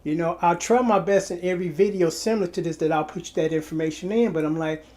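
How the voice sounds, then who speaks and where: Tired, rambling man with a highish voice. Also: steady tone, fast talker, darkish tone. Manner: rambling, repeats and restarts words, talks straight to buyers. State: tired from little sleep. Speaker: online seller and channel host. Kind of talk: casual direct-to-camera vlog.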